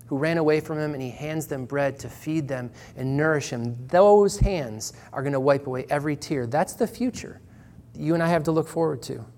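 A man preaching a sermon in church, earnest and measured, slowing down and pausing for emphasis. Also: on the high side, darkish tone. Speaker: pastor.

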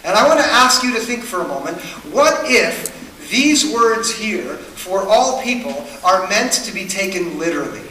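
A man's voice: high voice, expressive, normal speed, few pauses, sharp tone, slight background noise. A man preaching a sermon to a congregation, earnest and questioning, building his points through repetition. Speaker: pastor. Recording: echoey hall, mic at a distance.

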